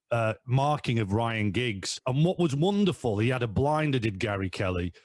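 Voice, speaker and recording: A man guesting on a football podcast, telling fan stories in a rambling, animated way with lots of fillers. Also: mid-range voice, no room sound. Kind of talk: casual storytelling.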